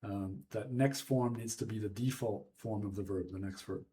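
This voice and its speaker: A man giving a relaxed, casual English lesson on video, often checking in with the listener. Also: lowish voice, normal speed. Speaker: English teacher. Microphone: home video microphone.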